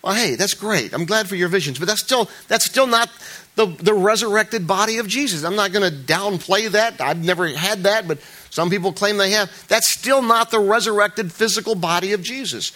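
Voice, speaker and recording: A man's voice: sits high, moderate pace, pushed and bright. A man preaching a conversational sermon as a pastor, informal and chatty, with joking asides and frequent restarts.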